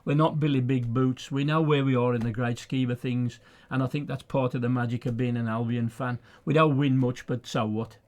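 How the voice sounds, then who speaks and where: A man's voice: medium pitch, fairly even intonation, fairly quick, few pauses, darkish tone. Earnest man on radio. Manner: earnest, emphatic, often repeats words for emphasis. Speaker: studio guest and lifelong fan. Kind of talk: conversational radio interview and reciting his own poem. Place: radio studio.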